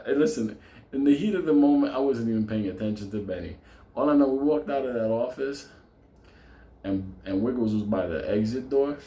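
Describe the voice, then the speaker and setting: A man telling a profane story, laughing often and talking with animated energy. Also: medium pitch. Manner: laughing, animated, heavy swearing. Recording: echoey room with faint ambience.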